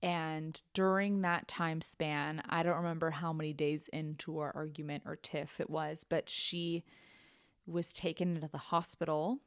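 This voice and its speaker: Low-voiced woman telling a frank story. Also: flat delivery, a little slow, clean tone, no room sound, studio quality. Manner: frank and blunt, swears casually, heavy use of "like". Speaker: podcast host. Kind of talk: candid personal storytelling.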